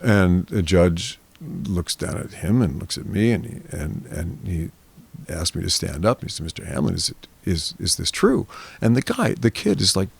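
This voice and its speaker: An older man, a guest on a podcast interview, telling a long story in a lively way and acting out the voices of the people in it. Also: sits low, normal speed, vocal fry, slightly rough.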